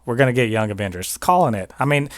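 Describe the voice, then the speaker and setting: A man's voice: medium pitch, quick pace, dry recording. Opinionated man with a dry close sound. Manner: animated, opinionated, rambling with frequent restarts. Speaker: podcast host reviewing TV. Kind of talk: casual spoiler review monologue.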